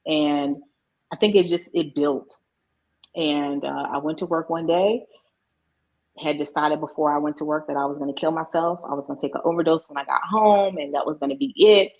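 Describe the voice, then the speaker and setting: Brief: middle-aged woman, low husky voice, candid personal storyteller. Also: steady tone, moderate pace, darkish tone, poor audio. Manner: candid, emotional, acts out quoted voices. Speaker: podcast guest, mindset coach.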